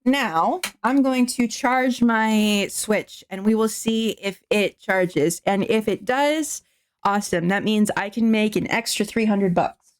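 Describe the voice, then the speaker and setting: A woman's voice: medium pitch, slow pace. Sarcastic, foul-mouthed young woman streamer. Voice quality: profane, rambling, sarcastic. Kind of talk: casual chat with live chat.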